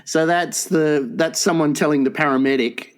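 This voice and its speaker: A man's voice: fairly high pitch, steady tone, moderate pace. Dry-joking man co-host. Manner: reacts with short interjections and dry riffs. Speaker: podcast co-host. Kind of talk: casual comedic banter.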